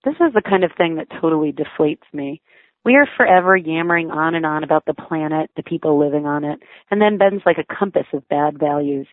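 Brief: woman, low voice, wry memoir reading, thin phone-like dry sound. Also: dry recording. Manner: wry, reflective storytelling. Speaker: memoir narrator, mother.

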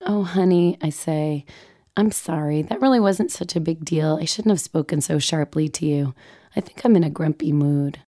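A woman's voice: low-pitched, moderate pace, dark tone. Wry woman reading her own essay. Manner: wry, self-mocking, vividly comic phrasing. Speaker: mother of two narrating her own essay. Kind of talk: reading a personal essay aloud.

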